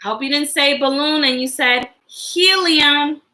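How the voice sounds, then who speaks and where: A woman's voice: high-pitched, measured pace, bright, forceful tone, rough recording. A woman teaching young children in a livestream lesson, speaking in a sing-song, encouraging way.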